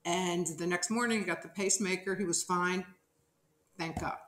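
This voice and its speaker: Animated storyteller woman, roomy sound. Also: on the low side, normal speed, slight background noise. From New Jersey. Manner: animated storyteller who acts out quotes. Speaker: podcast guest. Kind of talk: casual storytelling interview. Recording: roomy echo.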